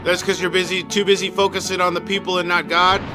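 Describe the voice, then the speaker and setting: A high-voiced man chats casually on a gaming stream, rambling in an animated way and swearing freely. Video game music plays clearly behind his voice. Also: fast. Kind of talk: casual livestream chat while gaming.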